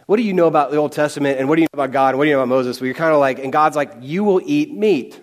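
A man preaching a sermon as a pastor, animated and often repeating words as he talks. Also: medium pitch, rapid-fire.

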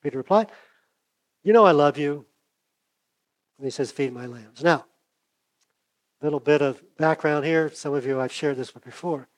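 A man preaching a sermon, conversational, acting out the dialogue with big swings from loud to hushed, and losing his voice. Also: a little high, normal speed, long pauses. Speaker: pastor.

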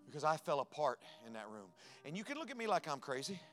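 Pastor telling a story in a sermon. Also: male voice, on the high side, big pitch swings, quick pace, faint music behind. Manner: personal storytelling, swings from hushed to loud and emphatic. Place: church sanctuary.

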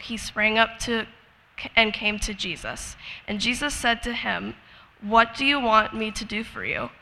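A woman reads scripture in a measured, formal way. Her voice has a gravelly edge and a bright tone, and it rings out in a reverberant church hall. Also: medium pitch. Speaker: scripture reader. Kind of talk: reading scripture aloud in church.

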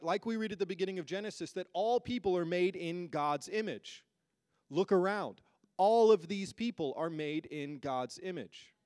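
Male pastor, higher pitch, dry close sound; emphatic sermon delivery to a congregation. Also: no echo. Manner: emphatic preaching with rhetorical questions. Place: church hall with a congregation.

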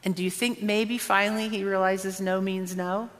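A woman's voice: mid-range voice, steady tone, normal speed. Woman preaching in a reverberant hall. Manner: conversational, earnest, often drawing out words for emphasis. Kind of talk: sermon.

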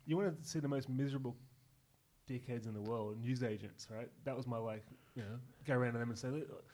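A man's voice: mid-range voice, quick pace, warm tone. A young Australian man from Newcastle, a comedian guest, telling rambling stories with plenty of swearing and laughing at himself. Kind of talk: casual podcast chat.

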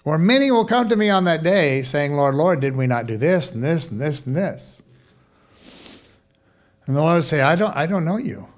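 A man's voice: a little high, normal speed. Conversational man preaching a sermon. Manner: conversational, animated preaching with asides. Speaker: pastor.

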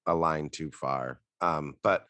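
A man co-hosting a podcast in casual chat, telling stories in a relaxed way and swearing now and then. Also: very deep voice, slow pace, no echo. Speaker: podcast co-host.

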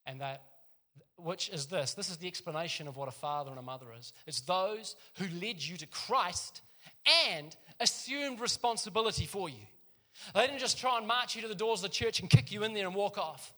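A man's voice: high voice, a little fast, fairly bright tone. A man, a pastor giving a casual, chatty sermon in a church and laughing often as he tells stories.

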